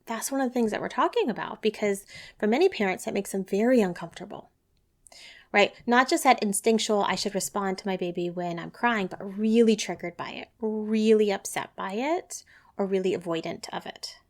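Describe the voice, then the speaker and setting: A woman talks through a solo parenting podcast in a conversational way. She sounds earnest and reassuring and keeps checking in with the listener. Her voice sits at an ordinary middle pitch. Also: normal speed. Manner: conversational, often tags lines with "right?"; earnest and reassuring, lively emphasis. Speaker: podcast host, parenting educator.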